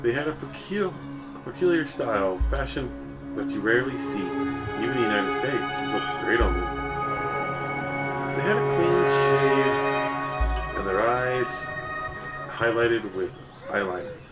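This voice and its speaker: A man's voice: medium pitch, lively intonation, measured pace, pauses often. A man reads a first-person story aloud in a mid-range voice. His delivery is casual and he corrects himself along the way. Music plays steadily behind him. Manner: casual reading with self-corrections.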